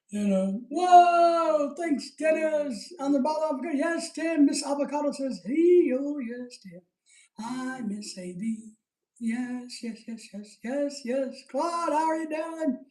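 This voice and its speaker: A man's voice: extremely high pitch, darkish tone. A middle-aged man hosting a live stream in casual chat, reading out viewer comments, rambling and joking, laughing often. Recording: roomy echo.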